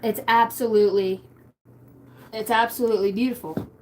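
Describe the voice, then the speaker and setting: A woman's voice: on the high side, fairly even intonation, moderate pace, a little mellow, low-quality recording. A young woman giving a spiritual card reading, emotional and rambling, swearing casually. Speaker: tarot card reader.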